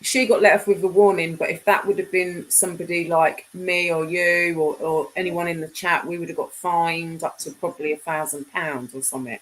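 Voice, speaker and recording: A woman's voice: fairly low pitch, fairly even intonation, brisk, few pauses, poor audio. A woman, casually chatting on a live stream and reading out the chat. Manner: chatty, reads and answers chat.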